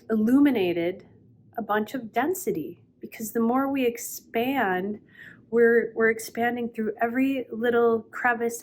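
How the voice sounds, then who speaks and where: A middle-aged woman giving a reflective spiritual talk, earnest and unhurried, often pausing with "um". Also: mid-range voice, a little hiss or hum. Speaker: spiritual teacher.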